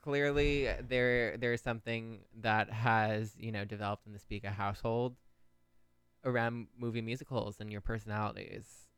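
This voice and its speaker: Smooth-voiced young man, wry and dry-sounding. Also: lowish voice, steady tone, normal speed, a bit bright, dry recording. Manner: wry, joking. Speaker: podcast co-host. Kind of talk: casual chat.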